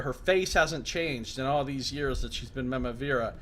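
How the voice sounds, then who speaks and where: A man's voice: mid-range voice, moderate pace, a little hiss or hum. A man streaming a video game, reading its story text aloud and breaking in with comments. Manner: reads narration aloud, breaks off into excited asides.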